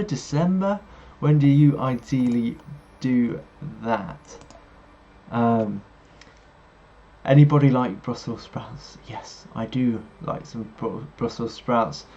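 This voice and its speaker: A man's voice: medium pitch, warm tone, breathy edge. A man hosting a live stream, reading viewer messages aloud and chatting back to them casually. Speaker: livestream host. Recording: slightly dull audio, faint music behind. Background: faint background music.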